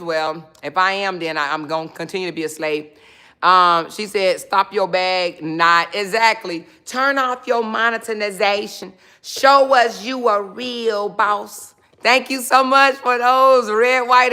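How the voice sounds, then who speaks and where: A middle-aged woman hosting a casual livestream, her voice bright and forceful. She answers her viewers directly with a sassy, laughing edge. Her pitch sits at an ordinary middle level. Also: steady tone, a little slow, clear, resonant tone. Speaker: livestreamer reading viewer comments.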